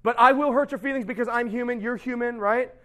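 High-voiced, chatty middle-aged pastor. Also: male voice, fast talker. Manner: chatty and animated, keeps asking "right?". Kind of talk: casual sermon.

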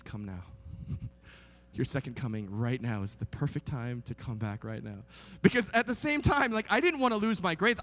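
His voice is a little high and fairly bright. He's a guest preacher in his thirties in a large church sanctuary, telling funny stories in a chatty, self-mocking sermon loaded with fillers, and the recording has long hall reverb from the big space.

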